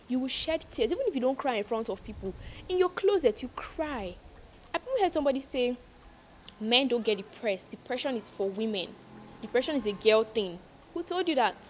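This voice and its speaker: This young adult woman vlogger has a high-ish voice, with slight background noise behind her. In a casual advice monologue, she preaches emphatically to her viewers and repeats lines for stress.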